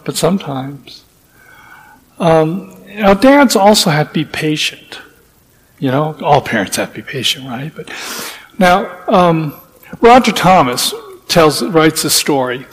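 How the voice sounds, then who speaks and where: A man's voice: a little high, big-room sound, poor audio. A man giving a sermon, telling stories in a folksy, rambling way with frequent restarts. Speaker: preacher. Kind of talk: sermon with storytelling.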